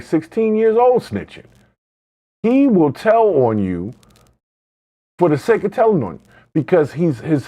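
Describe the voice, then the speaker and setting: A man's voice: medium pitch, warm tone. A man hosting a podcast, giving blunt, heated, profane commentary on the news. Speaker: podcast host. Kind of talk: opinionated commentary.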